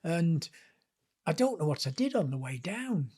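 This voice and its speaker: Speaking a little slowly, with a husky, fairly high voice, an older man from Lancashire, England shares stories as a guest author on a podcast. His manner is lively and chatty, with humour at his own expense.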